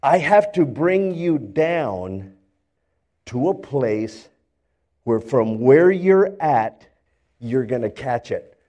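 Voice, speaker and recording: A man voicing God, speaking slowly and patiently to Joseph in a sermon retelling. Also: mid-range voice, big pitch swings, warm tone, voice pushed down. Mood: reassuring. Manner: slow, measured, reassuring.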